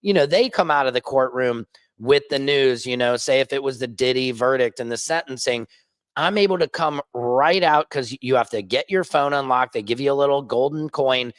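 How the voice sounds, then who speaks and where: A man vlogging as an independent journalist, ranting casually and joking, swinging between high excited bursts and low mutters. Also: moderate pace, no room sound. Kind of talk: casual vlog rant. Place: rooftop.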